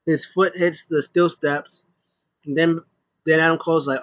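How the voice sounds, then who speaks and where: A man giving a casual play-by-play recap of a wrestling match, excitedly acting out the wrestlers' lines. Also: fairly high pitch, a little slow, no echo. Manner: excitable, acts out wrestlers' lines in raised voices. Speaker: wrestling show reviewer.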